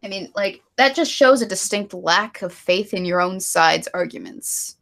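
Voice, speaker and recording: A woman's voice: medium pitch, expressive, measured pace, creaky, fairly bright tone. A woman co-hosting a casual live stream, ranting with strong opinions and reading viewer donations. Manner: opinionated ranting, then giggly and apologetic. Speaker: stream co-host.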